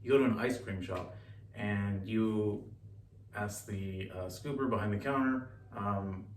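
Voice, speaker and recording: A man's voice: lowish voice, measured pace. Man teaching in an echoey room. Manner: relaxed, chatty, self-correcting. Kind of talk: casual recorded lecture. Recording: echoey room, distant mic, faint hiss.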